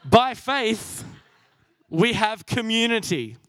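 Young aussie guy giving a sermon, fairly high voice, dry close sound, earnest and jokey. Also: very animated, slow pace, no room sound. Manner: warm, earnest and self-deprecating, laughs at himself. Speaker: preacher.

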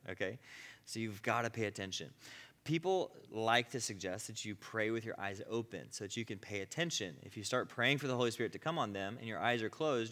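Lively man teaching healing prayer. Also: medium pitch, in a large hall. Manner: conversational, many asides and checks like "okay?". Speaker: ministry teacher.

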